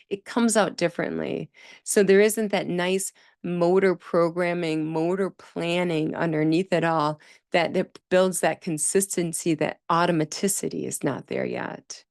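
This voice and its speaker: A woman's voice: lowish voice, creaky, no echo, studio quality. A woman hosting a speech therapy podcast, explaining in a conversational, emphatic way. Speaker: speech-language pathologist podcast host. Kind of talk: solo educational podcast talk.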